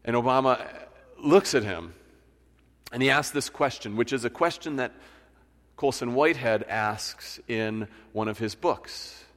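A man's voice: medium pitch, unhurried, a bit bright. A male pastor preaching a sermon in a conversational storytelling manner, often restarting phrases. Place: church sanctuary. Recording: church hall reverb.

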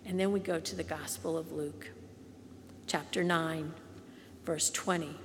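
A woman pastor preaching a sermon slowly and gently, sometimes softening to a near whisper. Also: low-pitched, steady tone, long reverb tail, slight background noise. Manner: slow, gentle, drops to soft whispers on quoted lines.

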